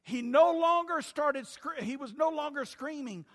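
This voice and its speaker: A pastor preaching a sermon, swinging between loud shouting and hushed, quiet moments. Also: male voice, very high voice, lively intonation, measured pace, hardly any pauses, in a large hall.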